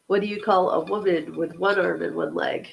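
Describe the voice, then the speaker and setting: A woman's voice: on the low side, steady tone, moderate pace, creaky, rough recording. A woman hosting a casual livestream podcast, giggling as she reads corny jokes from the chat. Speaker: podcast host.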